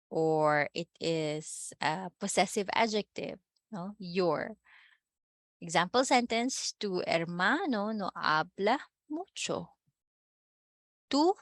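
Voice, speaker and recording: A woman's voice: fairly low pitch, a bit bright, no room sound. A woman with a Filipino accent teaching a Spanish class, often checking in with "no?" and "okay?" and slipping in Tagalog phrases. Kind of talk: online class lecture.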